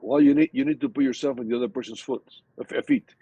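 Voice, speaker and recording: A man in his sixties, a guest in an interview, tells workplace stories in a lively, casual way, often repeating words and restarting sentences. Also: mid-range voice, fast talker, gravelly, slightly rough, dry recording, low-quality recording. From Hispanic background, from a Spanish-speaking country. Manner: animated storytelling with frequent restarts and repeated words. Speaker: guest speaker.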